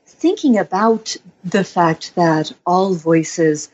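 A woman author answering interview questions in a reflective, measured way, with fillers and light laughs. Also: fairly low pitch, a little mellow. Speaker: author and guest. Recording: slightly dull, lo-fi sound.

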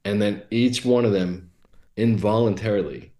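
A man talking as a podcast guest, telling blunt, animated stories with lots of fillers. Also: fairly low pitch, normal speed, reverberant. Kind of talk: casual storytelling chat.

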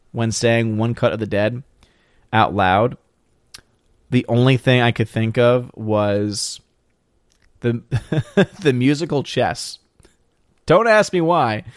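A man with an ordinary middle-pitched voice hosts a casual livestream, rambling through viewer comments and interrupting himself as he reads the chat. The sound is dry and close-miked, with no room sound.

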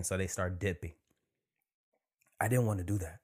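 Male podcast host, low-pitched, relaxed chat with hushed asides. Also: normal speed. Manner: relaxed and conversational, drops into near-whispers for emphasis. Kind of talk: casual solo podcast monologue.

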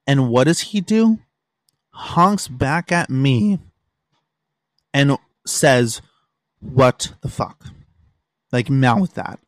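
A man's voice: mid-range voice, expressive, extremely slow, long pauses, dry recording. A young man hosting a casual solo podcast, telling stories in an exasperated way and swearing freely, recorded in a room at home. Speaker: podcast host.

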